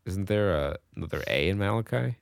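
A man's voice: deep voice, lively intonation, brisk, gravelly, clean tone, no room sound. A man co-hosting a podcast in casual chat, reading out online reviews with a dry manner and frequent laughter. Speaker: podcast co-host.

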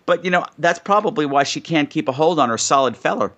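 A man co-hosting a casual movie podcast, animated and playful. He jumps into character voices for quotes, and his pitch swings up and down constantly. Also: quick pace. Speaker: podcast co-host.

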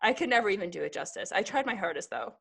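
A woman's voice: medium pitch, expressive, very fast, vocal fry, fairly bright tone, slightly rough. A woman hosting a podcast, chatting casually, sassy and swearing freely as she tells a story. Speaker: podcast host. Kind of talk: casual chat.

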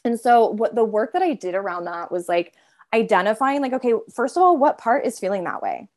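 A woman's voice: on the high side, expressive, a little mellow. A woman therapist talking casually in an interview, filling her speech with "like" and briefly voicing her own inner parts. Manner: chatty, heavy use of filler "like"; voices her inner parts in quick asides.

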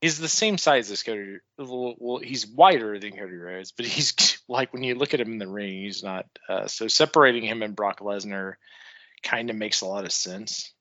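A man co-hosting a podcast, chatting casually, laughing often and slipping into quick mock voices. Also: lowish voice, sharp tone, no echo, highs cut off. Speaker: podcast co-host. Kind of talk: casual wrestling chat.

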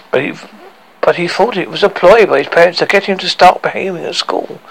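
A man narrating a horror story in a measured, dramatic way. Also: high-pitched, creaky, husky, rough recording.

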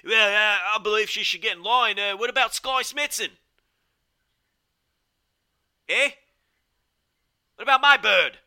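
A man's voice: sits high, moderate pace, vocal fry, pushed and bright, smooth, voice pushed up, full character voice. A man doing an impression of an irritated British male commentator, grumbling in a clipped way with a British accent.

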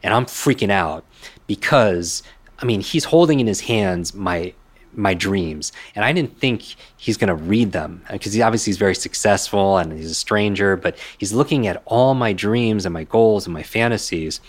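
A man in his forties, a guest memory coach, telling a personal story in a conversation, animated and quick to act out what others said. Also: on the low side. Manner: animated, acts out quoted dialogue, frequent "right?".

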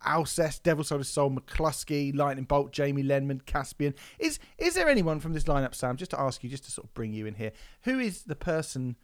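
A man's voice: fairly high pitch, animated, fairly quick, hardly any pauses. This is a man in casual podcast chat. He tells his stories animatedly, working himself up into mock outrage and dropping swear words as he goes. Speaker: podcast host.

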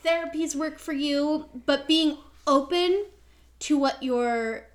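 Woman co-host, high voice, thoughtful and measured, casual chat. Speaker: podcast co-host. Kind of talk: casual discussion.

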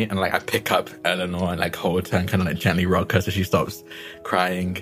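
Low-voiced man rambling through a tabletop turn. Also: little pitch movement, brisk, a bit bright, faint music behind. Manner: rambling with many fillers and likes. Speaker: player. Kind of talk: playing a tabletop game.

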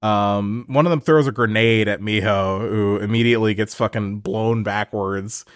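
A man's voice: fairly low pitch, steady tone, moderate pace, smooth, no echo, clean studio sound. A man co-hosting a podcast, casually recapping a film, laughing often as he retells scenes. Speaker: podcast co-host.

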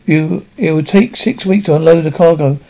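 A man's voice: fairly high pitch, moderate pace, gravelly, warm tone. A man voicing a kindly older shipowner who speaks to his sailor in an encouraging way. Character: kindly older male shipowner, generous employer. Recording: dull lo-fi recording.

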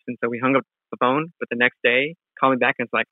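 A man's voice: medium pitch, little pitch movement, a little fast, no room sound. A man recounts a story in an easygoing, rambling way, full of restarts. His voice comes through thin and tinny, like a phone line, with no room sound. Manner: rambling, many fillers and restarts. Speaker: guest, real estate wholesaler. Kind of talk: casual storytelling interview.

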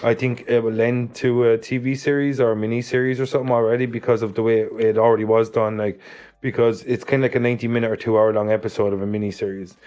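An Irish man with a mid-range voice co-hosts a laid-back podcast. He speaks quickly and loosely, with plenty of "like" thrown into his sentences. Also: medium pitch, level tone, dark tone. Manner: quick and easygoing, with many "like" fillers. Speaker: podcast co-host. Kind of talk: casual podcast chat.

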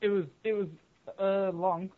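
A man's voice: high voice, steady tone, measured pace. A man of about twenty from Leeds, a podcast guest giving short, dry, laid-back answers. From Leeds, England. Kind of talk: casual chat. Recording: thin phone-like call audio.

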